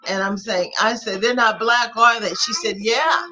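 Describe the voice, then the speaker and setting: A middle-aged woman hosting a live online flash sale, chatting with viewers in an animated, familiar way. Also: fairly high pitch, normal speed, dull audio. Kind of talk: live sales chat.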